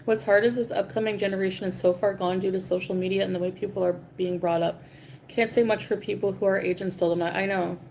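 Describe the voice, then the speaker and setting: A woman's voice: medium pitch, steady tone, fast talker, gravelly, darkish tone, a little hiss or hum. A woman livestreaming, ranting casually in a dismissive, profane and rambling way.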